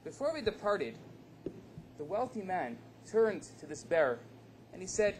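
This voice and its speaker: A rabbi giving a lecture, a dramatic storyteller who acts out the dialogue. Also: male voice, sits high, very animated, unhurried, pauses often, slight background noise.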